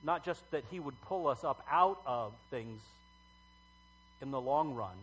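A middle-aged man preaching a sermon as pastor, talking conversationally with halting fillers and emphatic swells. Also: medium pitch, animated, fairly bright tone, slightly rough, poor audio.

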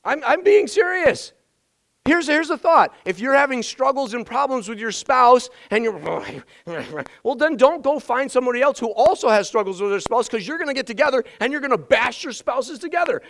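A pastor preaching with a notably high voice and plenty of energy. He drives his points home by repeating key phrases, and his voice sounds a little strained from shouting the day before. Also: normal speed, creaky, rough recording. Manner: energetic, emphatic repetition. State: voice strained from yelling. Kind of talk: sermon.

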